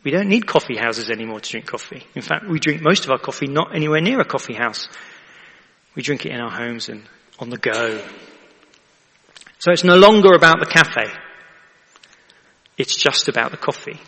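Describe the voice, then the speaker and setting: A man's voice: medium pitch, expressive, normal speed, pauses often, pushed and bright, long reverb tail. A man, a vicar preaching in a chatty way and often asking the congregation to agree. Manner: chatty, asks the audience for agreement. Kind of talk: sermon.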